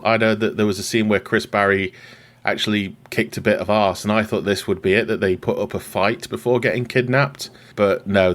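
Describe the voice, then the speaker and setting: A man hosting a podcast, chatting casually and wryly as he recaps a film from his notes. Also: fairly low pitch. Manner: wry, chatty, laughs at his own jokes. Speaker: podcast host.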